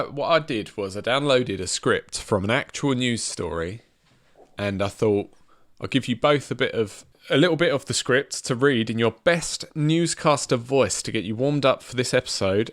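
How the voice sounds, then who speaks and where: A man's voice: mid-range voice, moderate pace, no echo, clean studio sound. A man co-hosting a podcast, laughing often and directing his co-hosts through a silly game. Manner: giggly, bossy, sets up games. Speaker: podcast co-host. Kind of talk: casual comedy chat.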